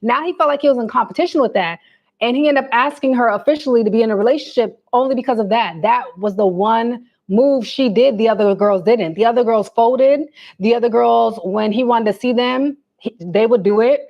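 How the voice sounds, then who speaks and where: Young woman on a livestream, kinda high voice, chatty and animated, slangy, muffled lo-fi audio. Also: a little fast. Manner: animated, chatty, talks straight to viewers with slang. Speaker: livestream host. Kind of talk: casual livestream chat.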